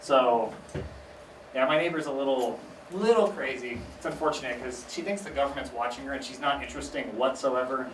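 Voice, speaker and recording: A young man doing a stand-up comedy set on a small theater stage, talking casually with deadpan asides and acting out his family's voices. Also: mid-range voice, fairly quick, noisy background. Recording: echoey room recorded from far off.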